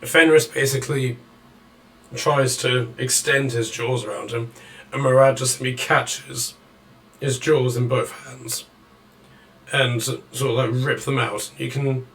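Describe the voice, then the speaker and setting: A man acting as dungeon master, narrating and ruling on rolls in a relaxed way, laughing often. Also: medium pitch, a little slow, vocal fry. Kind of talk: running a tabletop game over voice chat.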